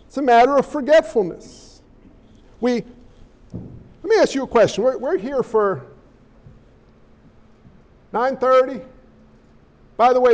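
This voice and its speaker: With a strikingly high voice, a male pastor delivers an animated sermon. He peppers the congregation with rhetorical questions and throws in the occasional joking aside.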